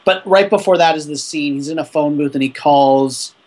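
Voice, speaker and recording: A man co-hosting a casual film discussion, retelling scenes in a relaxed way with wry asides. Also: fairly high pitch, moderate pace.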